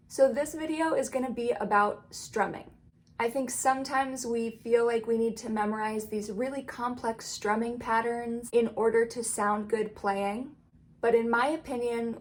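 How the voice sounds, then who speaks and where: A woman teaching ukulele in a casual, friendly tutorial, explaining rhythm and counting beats aloud. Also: on the high side. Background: ukulele strumming.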